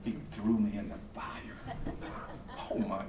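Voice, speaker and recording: A man voicing a talking teapot that sounds like an older mother, telling its story slowly and quietly in an echoey hall. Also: medium pitch, background noise, lightly acted. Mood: pained. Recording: echoey hall, speaker far from mic.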